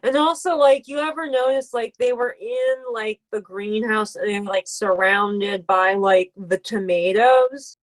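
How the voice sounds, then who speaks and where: Slow-talking woman in casual chat. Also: medium pitch. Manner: slow, chatty, many fillers. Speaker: podcast co-host.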